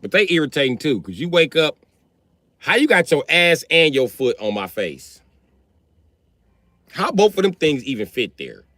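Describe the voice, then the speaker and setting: A man in his thirties telling comic stories about his kids in an animated, profane way, jumping into high yelps. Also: normal speed, pauses often, dry recording. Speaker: stand-up comedian. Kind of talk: stand-up storytelling.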